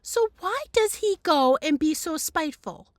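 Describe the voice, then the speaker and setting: A woman reads a children's novel aloud with lively, storybook expression. Her voice is on the high side and leaps around in pitch. She takes her time, and the recording is dry and close. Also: a little slow, dry recording. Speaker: teacher.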